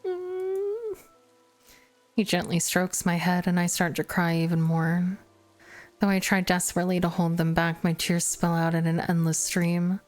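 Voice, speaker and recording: A woman's voice: on the low side, normal speed, soft background music. Woman streamer reading a visual novel aloud. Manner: expressive, self-deprecating asides between narration.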